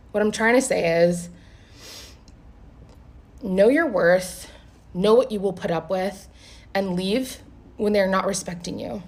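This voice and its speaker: A young adult woman vlogger telling a casual story in a blunt, animated way, swearing freely. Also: medium pitch, slow, long pauses.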